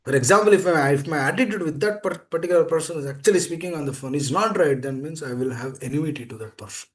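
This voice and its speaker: Casting: man, a touch high-pitched, earnest preacher who repeats himself for emphasis. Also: fast. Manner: repetitive, emphatic, pleading "please understand". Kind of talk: scripture class. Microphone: video call.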